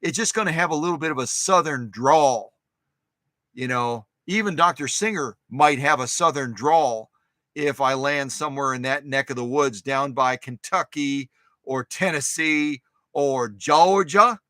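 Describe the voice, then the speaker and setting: Rambling upbeat man with a bright voice. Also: mid-range voice, unhurried, no room sound. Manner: rambling and upbeat, repeats himself, many filler uhs. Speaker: host of a vintage sewing machine live stream. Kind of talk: casual live stream chat greeting viewers.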